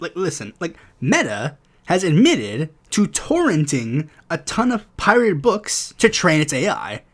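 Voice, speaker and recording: A young man hosting a casual political commentary show, ranting in a profane, sarcastic way. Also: a little high. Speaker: podcast host.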